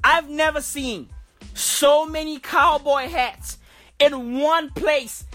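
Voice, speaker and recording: A woman delivering a crude, profane comedic rant, repeating herself and bursting into loud, exasperated shouts. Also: sits high, steady tone, takes it slowly, faint music behind. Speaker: comedic ranter.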